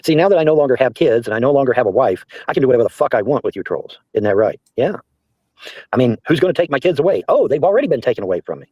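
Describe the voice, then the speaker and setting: A man's voice: mid-range voice, very animated, racing, a little mellow, husky, no echo. Profane, mocking man ranting on a stream. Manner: profane, mocking, reads chat aloud and answers it. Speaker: livestreamer answering trolls. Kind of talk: casual livestream rant. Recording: dull, dry lo-fi stream audio.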